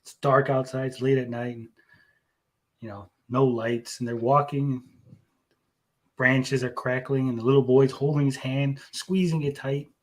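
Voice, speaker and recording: Speaking at a measured pace in a mid-range voice with fairly even intonation, this young man co-hosts a casual podcast. As a comedian, he rambles through jokes with plenty of fillers and restarts.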